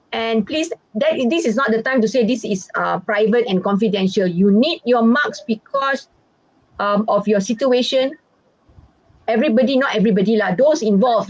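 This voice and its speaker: A fairly high-voiced woman with a Malaysian English accent coaches students for a speaking exam, chatty and animated, stopping often to ask "all right?". The sound is dry and a little muffled, like a lo-fi online class recording. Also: no echo. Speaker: English teacher and exam examiner. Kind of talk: online exam-prep lesson.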